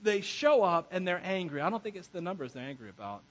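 Male pastor, higher-pitched and husky, preaching a chatty, laughing sermon full of asides. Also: fast talker, rough recording. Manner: animated, laughs often, self-correcting asides.

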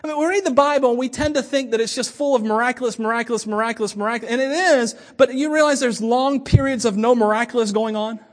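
A man's voice: extremely high pitch, quick pace, hardly any pauses. A man, a pastor, giving a conversational sermon with joking asides.

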